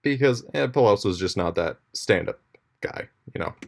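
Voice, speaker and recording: Jokey student presenter, lowish male voice. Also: normal speed. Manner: jokey, casual retelling with slang. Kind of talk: school presentation.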